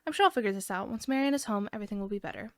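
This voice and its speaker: A woman's voice: medium pitch, lively intonation, very fast, dry recording, clean studio sound. A young woman co-hosting a podcast, reading a scary online story aloud, giggling and restarting lines as she goes.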